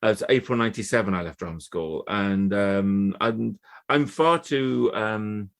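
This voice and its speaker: A man in his fifties, a guest actor telling stories in a chatty, animated way on a casual podcast. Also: lowish voice, unhurried, creaky. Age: 50s. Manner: chatty, animated storyteller with many restarts.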